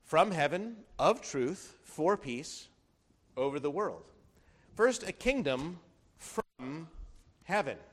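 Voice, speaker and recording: A male pastor delivering a sermon with a lively, swooping delivery that climbs and drops through his phrases. His voice sits a little higher than most men's, and he drives his points home with emphatic rhetorical questions. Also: slow, pauses often.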